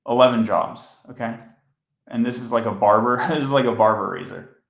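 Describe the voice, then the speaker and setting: Male coding streamer, sleepy and monotone, some vocal fry, roomy echo. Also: medium pitch, a little fast. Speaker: software developer teaching on a live stream. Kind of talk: casual live coding stream.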